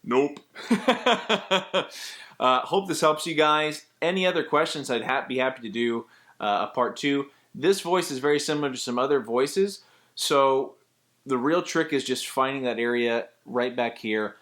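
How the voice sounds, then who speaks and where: A man who works as a voice actor, giving a casual spoken tutorial and explaining voice technique step by step in a chatty, relaxed way. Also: mid-range voice, measured pace.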